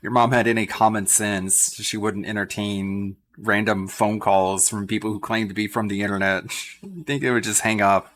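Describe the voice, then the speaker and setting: A man speaks in a dry, wry tone, giving casual commentary on the call. His voice is lowish and relaxed. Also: moderate pace.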